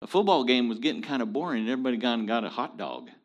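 Animated, folksy male Bible teacher. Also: mid-range voice, racing.

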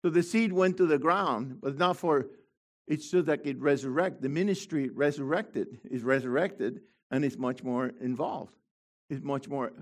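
A middle-aged man preaching a sermon with fervor, dropping to quiet asides and rising to shouted proclamations. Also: mid-range voice, normal speed.

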